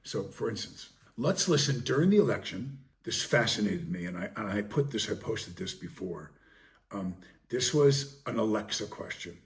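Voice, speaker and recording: Rambling man, low voice. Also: animated, normal speed, distant mic. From Long Island, New York. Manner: rambling, many ums and restarts. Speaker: podcast host. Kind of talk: casual podcast monologue.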